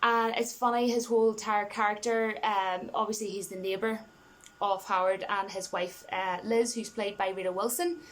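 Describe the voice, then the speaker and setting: A woman's voice: mid-range voice, fairly even intonation, normal speed, a bit bright. Chatty, enthusiastic woman reviewing a film. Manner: chatty and rambling, full of "you know" and restarts; enthusiastic, laughing between points.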